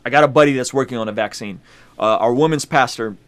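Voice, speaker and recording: A man's voice: mid-range voice, fast, fairly bright tone. A man hosting a casual vlog, talking straight to his viewers, emphatic and repeating lines for effect. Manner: addresses viewers directly, conversational slang. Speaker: YouTube host.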